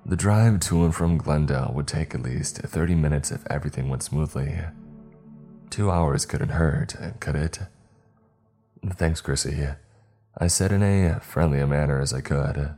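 Very deep-voiced male horror narrator. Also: moderate pace, dark tone, soft background music.

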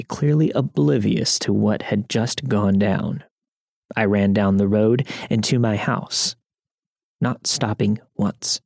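Low-voiced man narrating a story. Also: a little mellow, no room sound, clean studio sound. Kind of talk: scripted narration of first-person stories.

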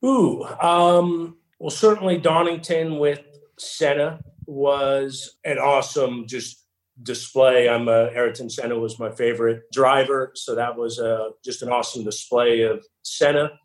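A man, a team boss answering interview questions with many pauses and fillers. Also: mid-range voice, steady tone, poor audio. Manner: hesitant, many fillers and restarts. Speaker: racing team boss, guest.

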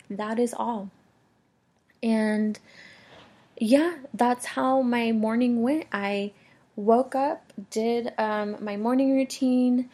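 A young woman hosting a solo podcast, talking in an earnest, emotional, reflective way with soft laughs. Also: mid-range voice, husky. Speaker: podcast host.

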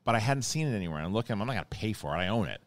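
Low-voiced rambling podcast host man. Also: rapid-fire, dry recording. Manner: rambling, animated storyteller with restarts. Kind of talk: casual chat.

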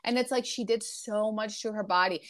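A young female podcast co-host with a fairly bright, medium-pitched voice talks fairly quickly in a relaxed recap, wandering and restarting often amid lots of filler words.

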